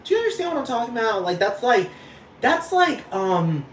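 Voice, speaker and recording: A man's voice: very high voice, very animated, a little fast. Rambling, profane man in an echoey room. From Texas, United States. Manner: rambling, profane, keeps asking if you follow. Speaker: podcast host. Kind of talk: casual monologue rant. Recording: echoey room with faint noise.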